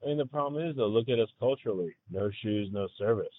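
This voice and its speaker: A man hosting an interview, chiming in quickly with jokes and questions. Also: medium pitch, no echo. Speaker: host. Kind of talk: casual conversational interview. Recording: tinny phone-like line.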